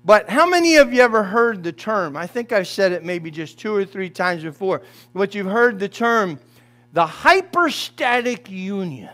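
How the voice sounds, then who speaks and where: Lively preaching man with a high voice. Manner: preaching, calling on the congregation by name and shouting quoted cries. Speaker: pastor. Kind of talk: sermon. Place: church sanctuary.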